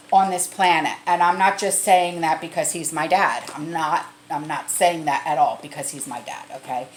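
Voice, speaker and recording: A woman's voice: lowish voice, slight background noise. A middle-aged woman chatting casually to camera as a prepping vlogger, repeating herself and laughing now and then. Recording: echoey room.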